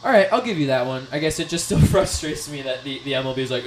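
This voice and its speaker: Young guy co-host for a sports podcast, rambling and excitable, middle pitch, faint noise behind. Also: fast talker, hardly any pauses. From Chicago. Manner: rambling, excitable, swears, laughs often. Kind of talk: casual sports chat.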